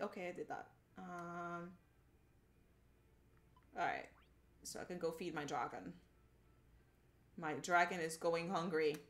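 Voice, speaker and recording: Bubbly, animated young woman streamer. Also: medium pitch. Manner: bubbly, giggly and animated, greeting chat by name. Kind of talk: casual live-stream chat while gaming.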